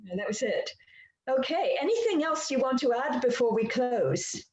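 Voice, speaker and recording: A woman conducts an interview over a video call, speaking in a measured, earnest way. Her voice is fairly high. Her voice rings in an echoey room. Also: very animated, a little mellow. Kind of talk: interview questions.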